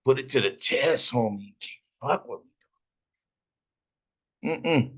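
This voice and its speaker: A man's voice: mid-range voice, expressive, unhurried, pauses often, fairly bright tone. A middle-aged man from Fresno, California, telling stories casually while smoking, profane, boastful and full of slang. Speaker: host.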